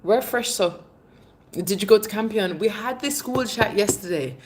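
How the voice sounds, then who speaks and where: A woman's voice: normal speed, a little hiss or hum. A woman hosting a casual livestream, reading viewer comments and chatting animatedly, calling viewers "babes" and laughing often. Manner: bursts of laughter, lively pitch swings. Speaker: livestream host. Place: Jamaica.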